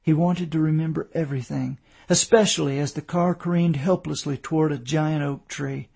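Guy reading a novel aloud, husky gravelly voice, bit high. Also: steady tone, a little mellow. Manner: measured, storytelling. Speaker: narrator. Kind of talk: audiobook narration.

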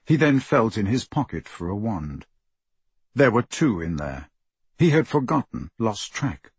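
A man narrates a story in a slow, measured way. His voice is husky and sits a bit low. The sound is dry and close to the mic. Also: no room sound. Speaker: audiobook narrator. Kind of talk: scripted narration.

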